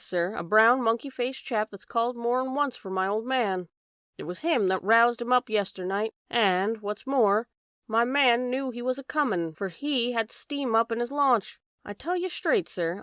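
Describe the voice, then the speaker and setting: A woman's voice: fairly high pitch, normal speed, fairly bright tone, clean tone, no room sound, studio quality, close to an everyday voice. A woman voicing a worried, chatty working-class boatman's wife in an audiobook reading. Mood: fretful. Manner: chatty, plain-spoken, dropped endings.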